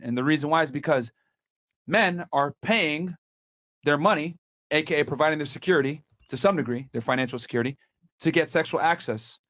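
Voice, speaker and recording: Male podcast host, casual and halting. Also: fairly high pitch, a bit bright. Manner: restarts and hedges with filler words. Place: podcast studio.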